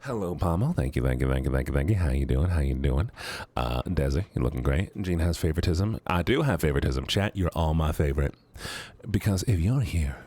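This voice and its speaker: Holding a studio microphone at his home streaming setup, a deep-voiced, animated young man chats casually with viewers, playful, rambling, and teasing. There's no room sound.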